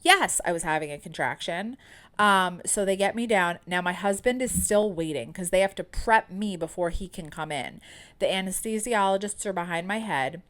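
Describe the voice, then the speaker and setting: A woman's voice: lowish voice, normal speed, fairly bright tone. A woman in her thirties, a podcast host telling a candid personal story in a chatty way, full of fillers.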